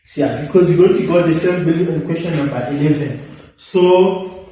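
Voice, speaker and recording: High-voiced man tutoring, echoey room. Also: normal speed, dark tone, slight background noise. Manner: thinks aloud, repeats himself, addresses viewers as guys. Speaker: electrical engineering tutor. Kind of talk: informal problem-solving lesson. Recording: echoey room, mic at a distance.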